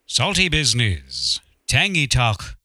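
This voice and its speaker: A man voicing a stiff, pompous old-fashioned radio announcer from the Midwest, with formal, deadpan diction. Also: mid-range voice, takes it slowly, no echo, studio quality, full character voice. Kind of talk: comedy improv as a vintage radio man.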